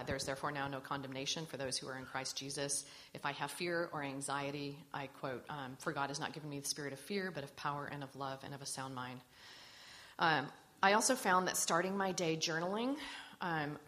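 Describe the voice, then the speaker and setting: Brief: middle-aged woman, deep voice, earnest personal testimony, reflective. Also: pushed and bright. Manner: earnest and reflective, quoting scripture. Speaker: speaker sharing her faith testimony.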